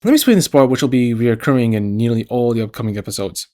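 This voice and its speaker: A man's voice: mid-range voice, lively intonation, fast talker, a little mellow. A man hosting a scripted video essay, reading it out with casual asides.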